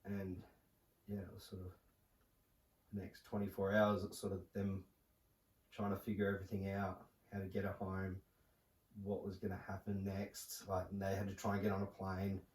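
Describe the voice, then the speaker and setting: Soft-spoken young man, halting. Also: low-pitched, monotone. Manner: halting, soft-spoken storytelling with many fillers. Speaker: podcast guest. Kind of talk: casual podcast conversation. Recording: roomy, distant mic with faint noise.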